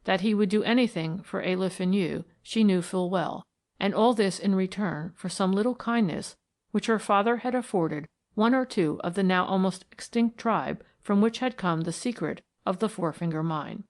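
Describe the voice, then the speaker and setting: A woman's voice: medium pitch, moderate pace. Woman narrating a mystery audiobook. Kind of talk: scripted narration.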